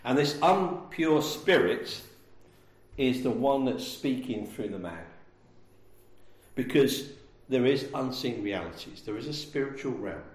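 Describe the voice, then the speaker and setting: A man's voice: mid-range voice, lively intonation, unhurried, long pauses. A man preaching a sermon, emphatic and full of rhetorical questions. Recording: echoey room.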